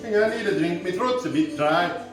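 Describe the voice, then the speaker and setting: An Irish man hosting a comic home cooking show, rambling through jokey, deadpan asides in his kitchen. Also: high-pitched, brisk, heavy reverb, over music, rough recording.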